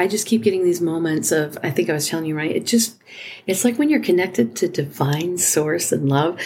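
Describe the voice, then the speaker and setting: Casting note: low-pitched woman, earnest heartfelt chat, faint noise in the background. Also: a little mellow. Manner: earnest, halting, many restarts and fillers. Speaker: podcast co-host.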